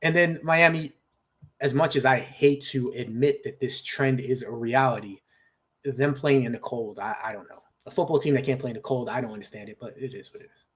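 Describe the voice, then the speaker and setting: A man's voice: mid-range voice, fairly quick. A man co-hosting a podcast, chatting casually about football betting, thoughtful and hedging. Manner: thoughtful, hedging, laughs at own jokes. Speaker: podcast co-host. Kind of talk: casual sports betting chat.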